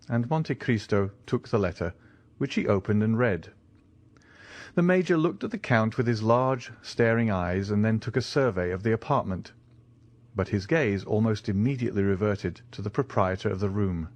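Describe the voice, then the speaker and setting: A man narrating an audiobook in a measured, expressive reading. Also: fairly low pitch, dry recording. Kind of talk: scripted narration.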